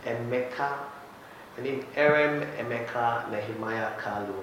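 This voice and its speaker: A man's voice: mid-range voice, unhurried, a bit bright, a little hiss or hum. A man from Nigeria with a Nigerian accent, a comedian chatting easily as a guest and laughing between stories. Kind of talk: casual interview chat. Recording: echoey studio room.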